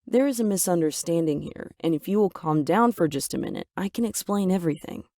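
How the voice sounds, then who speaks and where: A woman voicing a middle-aged mother who speaks in a calm, wise, soothing way in an animated storybook narration. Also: on the low side, brisk, no echo, studio quality.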